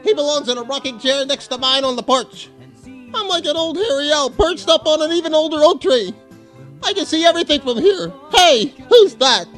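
A man voicing a cranky old man who yells at kids to get off his lawn. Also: extremely high pitch, expressive, normal speed, soft background music. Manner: shouting, grumbling.

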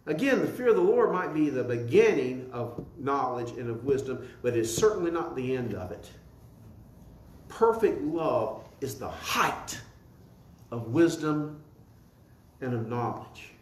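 A pastor preaches with animation, repeating words as he builds each point and asking the congregation to answer him in call-and-response. His mid-range voice moves a little slowly. The room is echoey, with slight background noise.

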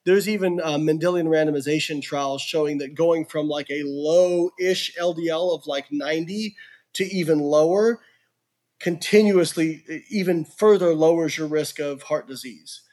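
An animated podcast guest, a man whose voice sits a little higher than most. He talks frankly and earnestly, peppering his stories and explanations with "like" and "you know.". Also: normal speed. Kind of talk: casual storytelling and explaining research.

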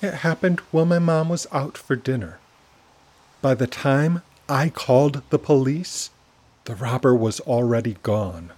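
A man's voice: medium pitch, measured pace, darkish tone, voice pushed up, lightly acted. A man doing an icy, angry young girl. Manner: icy and clipped. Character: cold, angry young girl best friend.

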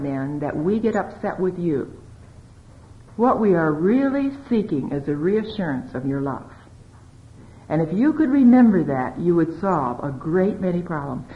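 A woman speaking to an audience about marriage, confiding and lively, acting out bits of dialogue as she tells stories. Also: fairly low pitch. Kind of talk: talk to a live audience. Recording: dull lo-fi recording.

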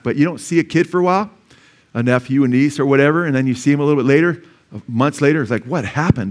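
Conversational preaching pastor, man. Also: mid-range voice. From California. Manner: conversational preaching with frequent asides; exclaims praise loudly. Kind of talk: sermon.

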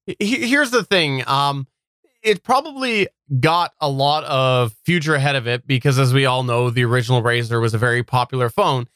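A man co-hosting a tech podcast, giving measured, wry analysis with a few hesitations. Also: medium pitch, a bit bright, smooth, no echo, clean studio sound. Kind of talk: casual podcast chat.

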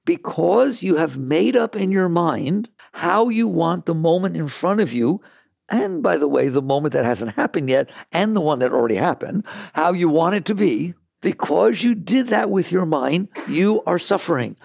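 Animated gravelly man teaching. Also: on the high side, moderate pace, no room sound, clean studio sound. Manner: animated, rhetorical, laughing asides. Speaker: spiritual teacher. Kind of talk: talk to a live audience.

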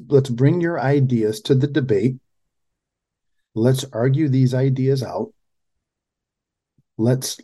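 A man's voice: mid-range voice, dark tone, husky. A man hosting a political talk radio show, talking emphatically and often restarting his phrases.

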